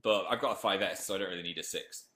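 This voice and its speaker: A young man from Northern England chats casually on a live stream, reading viewer comments aloud in his Northern accent. He talks fast, with a low pitch and a sharp tone, in an echoey room.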